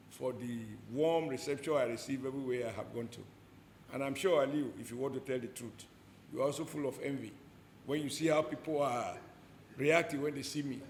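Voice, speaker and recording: A Nigerian man speaking as a politician in an interview, forceful and rhetorical, hammering home short repeated phrases. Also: mid-range voice, roomy sound, slight background noise.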